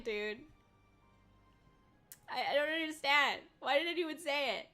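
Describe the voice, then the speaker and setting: A young woman streaming live, chatting casually with viewers, rambling and swearing often, and shrieking with excitement when she thanks them. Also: high-pitched, unhurried, long pauses, faint music behind. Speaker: VTuber streamer.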